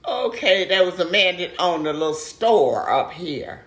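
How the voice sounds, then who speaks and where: An older woman recalling her childhood in an oral history interview, pausing to search for words. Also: on the low side, lively intonation, fairly bright tone, roomy sound. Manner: slow reminiscing, searches for words.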